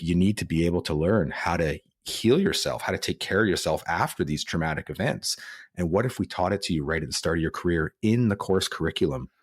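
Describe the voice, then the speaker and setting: A man's voice: sits low, no echo, clean studio sound. A man, a police officer and author, speaking earnestly as a podcast guest, rising when he quotes what he told people. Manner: earnest, speeds up and rises when quoting himself. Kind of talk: podcast interview.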